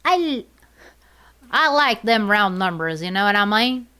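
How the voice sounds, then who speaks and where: A woman chats casually while playing on stream, talking slowly and thinking out loud. Her voice is smooth and clear, and she drifts through fillers and repeats with a giggly, self-mocking tone. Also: mid-range voice, very animated. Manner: rambling, thinks aloud with many fillers and repeats. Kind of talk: casual gaming livestream chat.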